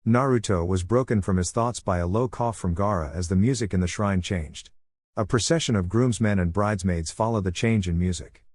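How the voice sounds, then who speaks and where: A man narrating a fan fiction story in an even storybook reading. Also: sits low, fairly quick, no room sound, studio quality.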